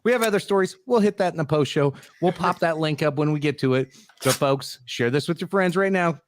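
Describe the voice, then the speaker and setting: A man's voice: a little high, brisk, a little hiss or hum. Breathless man hyping the audience. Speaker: podcast co-host. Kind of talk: comedic podcast banter.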